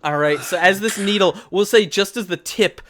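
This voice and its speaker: A man running a tabletop role-playing game as game master, narrating quickly and casually. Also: high voice. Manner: relaxed, quick narration with quoted characters.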